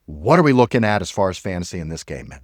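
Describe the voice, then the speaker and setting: A man co-hosting a sports podcast, hyped and animated with sarcastic asides. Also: sits low, fast talker, no echo, clean studio sound. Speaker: podcast co-host. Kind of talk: energetic sports talk.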